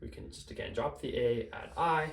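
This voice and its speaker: A man gives a casual grammar lesson at an everyday mid-range pitch, patiently laying out the rules step by step. He talks loosely, with plenty of fillers and quick self-corrections. The recording carries a noticeable room echo. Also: lively intonation, creaky. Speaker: language teacher.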